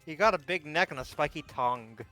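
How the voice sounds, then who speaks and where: A man's voice: fairly high pitch, expressive, brisk, sharp tone, dry recording, faint music behind, rough recording. A young man in casual chat who jokes around, blurting absurd lines and laughing easily.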